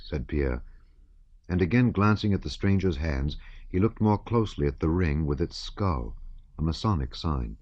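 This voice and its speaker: A man narrating an audiobook in a measured, even reading style. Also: rumbling low, dry recording, dull audio.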